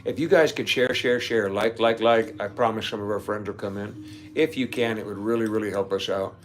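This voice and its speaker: Here a man with a lowish voice reads viewer comments on a laid-back stream, speaking briskly with fairly even intonation. There's a faint hiss or hum, and he often laughs and rambles off into nerdy asides.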